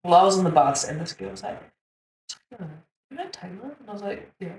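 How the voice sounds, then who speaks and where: A woman's voice: medium pitch, fast talker, vocal fry, far from the mic. A young woman with a New Zealand accent hosts a laid-back chat and spins stories full of slang and swearing. She sits a little off the mic in an echoey room with a faint hum of ambience behind her. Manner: animated storytelling, laughing, swearing, slangy. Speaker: podcast host. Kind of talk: casual chat.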